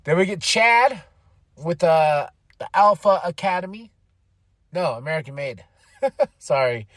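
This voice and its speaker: A man hosting a podcast, casually recapping events with animated energy, laughing often and acting out quotes. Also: high voice, unhurried, no echo, studio quality. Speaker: podcast host.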